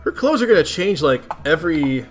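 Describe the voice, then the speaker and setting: A man's voice: on the high side, very animated, a little fast, soft background music. A man reading a webcomic aloud, chatting playfully with viewers between lines. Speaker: webcomic reader.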